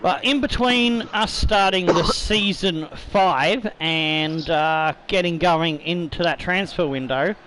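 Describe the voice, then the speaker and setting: Man, tipsy, slightly slurring, high voice, rambling gaming chatter, casual swearing. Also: takes it slowly, hardly any pauses, fairly bright tone, a little hiss or hum, rough recording. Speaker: gaming YouTuber host. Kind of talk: casual let's-play commentary.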